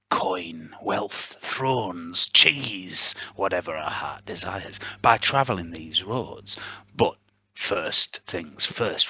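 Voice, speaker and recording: A man playing a calculating prisoner who plots an escape with his brother, speaking in a Yorkshire accent with a hushed, breathy delivery. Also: deep voice, dry recording, full character voice. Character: scheming male prisoner, calculating older brother. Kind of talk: tabletop role-play in character.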